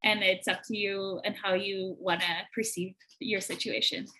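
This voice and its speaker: A woman from Manitoba, Canada, guest on a podcast, telling a story in an animated way and laughing often. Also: mid-range voice, moderate pace, low-quality recording. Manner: animated, laughing often, acts out quoted voices. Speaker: guest, entrepreneur.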